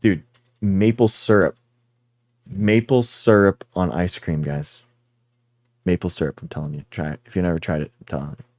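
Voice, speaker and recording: A man's voice: low voice, fairly even intonation, normal speed, pauses often, darkish tone, no echo. A man hosting a livestream, chatting casually and rambling as he talks straight to his viewers. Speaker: livestream host.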